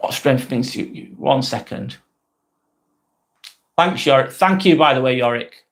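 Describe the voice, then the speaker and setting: Male live vlog host, gravelly voice, casual chat to viewers while typing. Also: medium pitch, measured pace.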